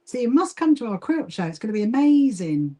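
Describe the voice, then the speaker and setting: A woman from Brighton, England, with a southern English accent, chatting casually on a livestream while she sews and greets viewers by name. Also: a little high, sing-song, brisk. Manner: chatty, reads and greets viewer comments, frequent fillers and laughs. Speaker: livestream host, quilting association founder.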